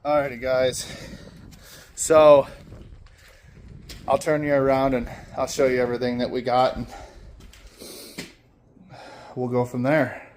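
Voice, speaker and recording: A man from Michigan giving a casual walkthrough of his lawn service equipment, talking haltingly with many fillers and self-corrections. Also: medium pitch, little pitch movement, darkish tone, slight background noise.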